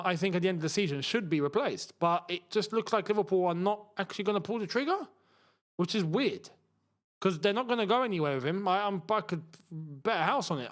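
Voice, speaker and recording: Excitable young man hosting a watchalong. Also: high-pitched. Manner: excitable, shouting at goals, banter with chat. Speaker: football watchalong host. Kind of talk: live football watchalong commentary.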